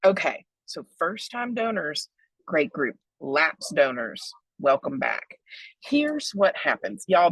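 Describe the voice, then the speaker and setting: A woman in her forties giving a lively webinar talk, joking and chatty, with big excited leaps in her voice. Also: husky, no echo, rough recording. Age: 40s. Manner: playful, joking, chatty asides; big excited pitch jumps. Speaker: webinar presenter on donor relations.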